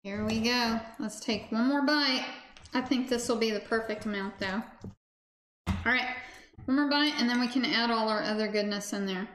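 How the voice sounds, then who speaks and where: A woman's voice: fairly high pitch, moderate pace, fairly bright tone. A woman hosting a casual cooking livestream, chatting with viewers while she cooks. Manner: bubbly, talks to chat viewers while cooking. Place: home kitchen. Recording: echoey kitchen, faint background noise.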